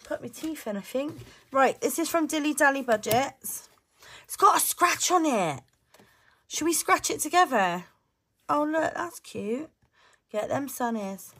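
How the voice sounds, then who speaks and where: A young woman chatting excitedly to her viewers as she unboxes her mail. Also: high voice, measured pace. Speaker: budgeting vlogger. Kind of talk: casual chat to camera while unboxing.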